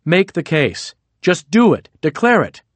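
A man reading aloud voicing an angry, blustering older male head of state, loud and exasperated. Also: on the high side, very animated, a little slow, dry recording, voice pushed up.

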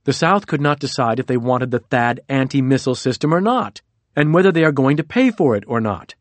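Brief: male audiobook narrator, measured delivery, dead-dry booth sound. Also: medium pitch, expressive, no echo. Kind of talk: scripted narration.

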